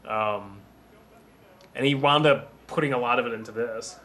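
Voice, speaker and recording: A man recording a commentary track about writing a film, rambling and anecdotal, often restarting his sentences and pausing to sip water. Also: mid-range voice, bright, forceful tone. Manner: drinks water between remarks. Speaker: writer giving a film commentary.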